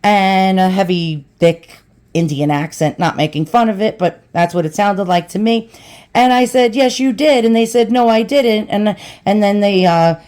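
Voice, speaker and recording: A woman's voice: lowish voice, darkish tone. A woman in her forties, rambling and chatty as she talks through an unboxing vlog at home, calling her viewers boys and girls. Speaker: vlogger.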